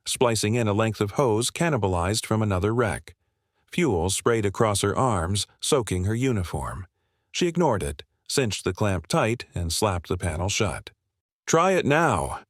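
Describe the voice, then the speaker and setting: A man narrating a scripted war story in a steady, measured storytelling manner. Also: on the low side, no echo, studio quality.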